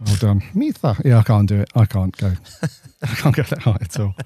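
A man co-hosts a podcast, chatting in an easygoing way and leaning on fillers as he talks. His voice is mellow and warm. The studio mic sounds dry and close. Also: fairly low pitch, a little fast, breathy edge, no room sound, soft background music. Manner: laid-back, chatty, lots of fillers. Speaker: podcast co-host. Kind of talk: casual podcast chat.

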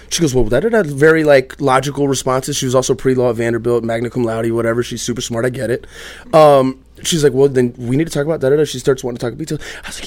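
Podcast host, male, thirties, candid animated storyteller, dry close mic. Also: medium pitch, fast, no room sound. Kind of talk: casual podcast conversation.

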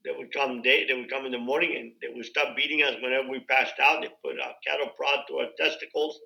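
Bright-voiced man telling his story. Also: mid-range voice, vocal fry, poor audio. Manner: loose and conversational, acts out quoted dialogue, frequent uh and you know. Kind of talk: casual spoken storytelling.

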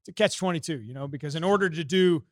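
A man's voice: on the high side, fast, no echo, studio quality. A man from the United States telling a story on a podcast in a profane, heated way. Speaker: podcast co-host.

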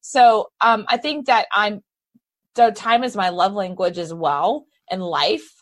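A woman hosts a casual interview from her studio. She talks in a chatty, animated way and pushes back on what her guest says. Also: mid-range voice, a little slow. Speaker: podcast host.

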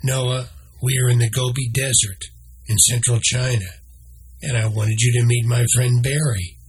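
A man's voice: medium pitch, steady tone, moderate pace, breathy edge. A man voicing Manny, a playful talking meerkat.

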